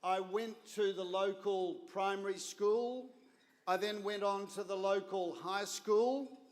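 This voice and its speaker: Slow, wry Australian man in a hall. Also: sits high, faint music behind. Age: 50s. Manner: deliberate, wry, with comic timing. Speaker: guest speaker at a gala dinner. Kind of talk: humorous storytelling speech. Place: large banquet hall. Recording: reverberant hall.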